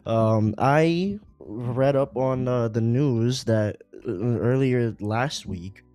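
Talking politics loosely on a podcast he co-hosts, this man swears a lot and leans on frequent fillers, staying animated throughout. His medium-pitched voice moves slowly, captured dry with faint music behind it.

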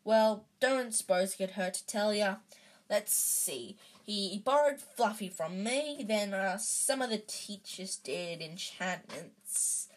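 A woman reading the lines of a big, gruff, kindly male groundskeeper, hesitant and rambling, with a husky voice. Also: mid-range voice, slow pace.

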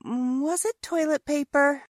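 A woman's voice: high-pitched, a little slow, no room sound, studio quality, pitched above the performer's own voice. A woman voicing a snarky tourist who heckles the tour guide with sarcastic interruptions. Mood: heckling.

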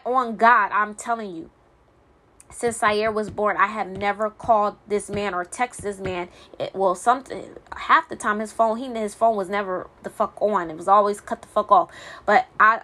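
A woman's voice: medium pitch, pushed and bright. A single mother venting in a blunt, profane monologue, stumbling and repeating words when heated.

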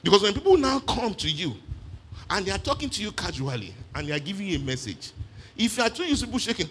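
A man preaching a sermon in an animated way, with frequent exclamations of praise. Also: high voice, fast talker, a little hiss or hum.

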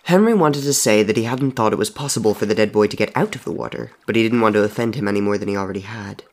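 Low-voiced man narrating a story. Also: fast talker.

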